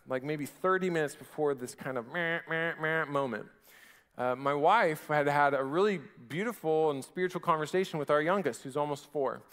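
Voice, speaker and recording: A man in his thirties giving a sermon in a slightly higher-than-average voice. He talks like he is chatting with his listeners, restarts phrases often and leans on casual fillers. His voice rings out with a long reverb, as if from a large hall. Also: a bit bright. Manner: conversational, frequent restarts and filler likes. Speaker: pastor.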